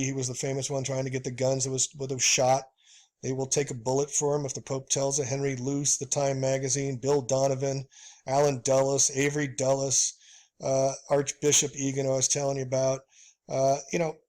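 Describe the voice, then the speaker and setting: A man's voice: mid-range voice, darkish tone. A man with a mid-range voice hosts his own show, walking through slides in a heated, impassioned tone. He stumbles and fills gaps with "uh," keeps turning to his listeners as "folks," and urges them to get angry. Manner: heated, addresses listeners as folks, many fillers. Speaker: video host. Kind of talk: impassioned commentary over slides.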